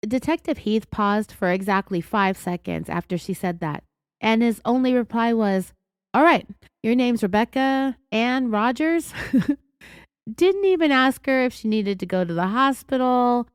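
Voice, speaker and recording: A woman with a California accent hosting a true crime podcast, raspy from being sick, telling the story in an indignant, sarcastic way. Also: fairly high pitch, animated, moderate pace, no echo, studio quality. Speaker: podcast host.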